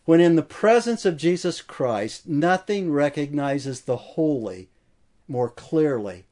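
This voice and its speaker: Emphatic preacher man, a bit high. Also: expressive, slow pace, mellow. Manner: emphatic, builds with repeated phrases. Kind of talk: expository sermon.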